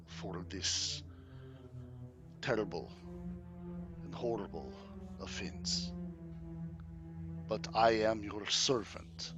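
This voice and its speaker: A man voicing a smooth-talking undead vampire count who pleads in a courtly, hushed way, with music underneath. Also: deep voice. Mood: pleading.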